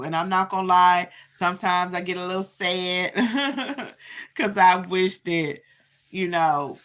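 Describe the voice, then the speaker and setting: Low-voiced woman in her fifties chatting live. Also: a bit bright. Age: 50s. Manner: chatty, talks straight to viewers with many "you know"s. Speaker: livestream host. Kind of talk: casual livestream chat.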